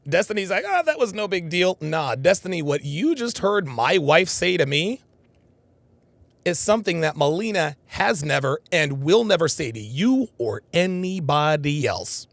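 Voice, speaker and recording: A man's voice: on the high side, measured pace, creaky, dry recording. A man hosting a live reaction commentary, talking emphatically and repeating himself for stress. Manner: animated, repetitive emphatic phrasing. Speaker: host.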